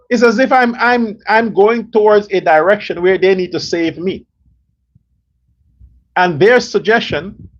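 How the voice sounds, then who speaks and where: A male show host giving a blunt, profane commentary monologue, telling stories in a rough, outspoken way. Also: sits high, muffled recording.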